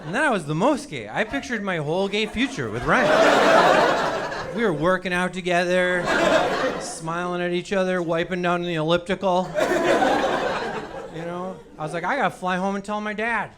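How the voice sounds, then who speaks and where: A man's voice: high voice, moderate pace, pauses often. Sheepish stand-up comic man in his forties. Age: 40s. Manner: sheepish, self-mocking delivery with acted-out quotes. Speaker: stand-up comedian. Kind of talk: stand-up comedy set. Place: comedy stage before a live audience. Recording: live crowd laughter, loud background noise.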